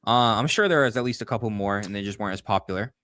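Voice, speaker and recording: A man's voice: fairly low pitch, very fast, sharp tone, no room sound, clean studio sound. A man co-hosting a live call-in political stream, talking casually, laughing often and arguing his points. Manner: chatty, laughs often, argumentative. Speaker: co-host of a call-in political show.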